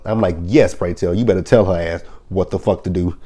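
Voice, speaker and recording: Male show reviewer, deep and warm, loose profane storytelling. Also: fast talker, hardly any pauses. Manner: animated, profane, emotional retelling. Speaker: TV recap reviewer. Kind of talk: casual episode recap.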